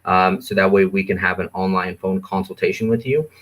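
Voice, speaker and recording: A man's voice: deep voice, fairly quick. A man appearing as a guest specialist, giving casual coaching-style advice with lots of ums and restarts. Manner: relaxed, filler-heavy, coaching. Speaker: supplement store specialist guest.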